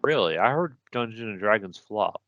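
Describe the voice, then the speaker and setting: A man's voice: lowish voice, lively intonation, moderate pace, a bit bright, dry recording, muffled recording. A man co-hosting a podcast, chatting casually and arguing as a movie fan. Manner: enthusiastic, argumentative fan talk. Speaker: podcast co-host. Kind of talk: casual chat.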